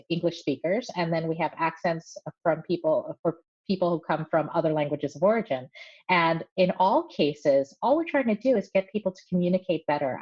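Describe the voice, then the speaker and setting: Woman guest, low voice, measured and explanatory, slightly muffled lo-fi sound. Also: a little mellow. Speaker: voice coach, guest. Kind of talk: casual podcast interview. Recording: slightly dull lo-fi audio.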